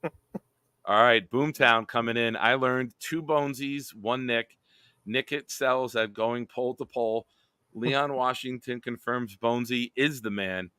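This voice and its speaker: A man's voice: mid-range voice, bright, forceful tone, clear, resonant tone, dry recording. A man hosting a casual live stream, reading viewer comments aloud and laughing often. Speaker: live show host.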